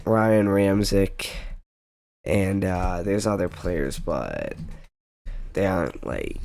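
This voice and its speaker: Slow, low-voiced young man talking football. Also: gravelly, no room sound. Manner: rambling, self-interrupting, jokey asides. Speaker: sports predictions vlogger. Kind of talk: casual football picks commentary.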